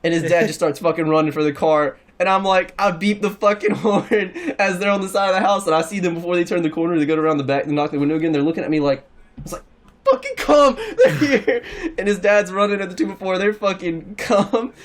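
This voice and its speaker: A man's voice: high-pitched, fast talker. A young man telling a rambling, profane story in a casual chat with friends. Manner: rambling, profane, animated anecdote. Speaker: podcast regular.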